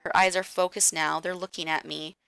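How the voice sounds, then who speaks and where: A woman streamer reading a visual novel aloud in a slow, hushed way. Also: sits low, flat delivery, gravelly, smooth, faint music behind. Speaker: game streamer.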